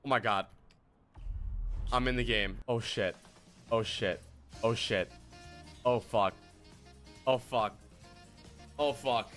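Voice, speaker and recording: A man streaming a game, talking casually and excitedly to his chat, joking and swearing as he plays. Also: mid-range voice, slow, long pauses, faint music behind. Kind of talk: casual gaming livestream chat.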